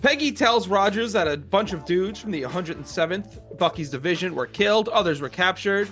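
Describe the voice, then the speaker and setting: A man's voice: sits high, lively intonation, normal speed, fairly bright tone, soft background music. A man co-hosting a podcast, casually recapping movie scenes and quoting lines between laughs. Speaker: podcast co-host.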